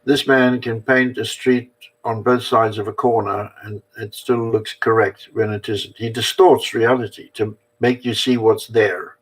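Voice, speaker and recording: A man's voice: on the low side, breathy edge, poor audio. An older man talking casually to camera, self-mocking and chatty, drifting from one thought to the next. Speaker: vlogger. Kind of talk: rambling casual monologue.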